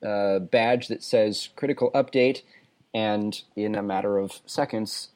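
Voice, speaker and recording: A man's voice: lowish voice, measured pace, a little mellow. A man from Texas with a Texan accent, hosting a casual podcast chat in a laid-back, self-deprecating way. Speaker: podcast host.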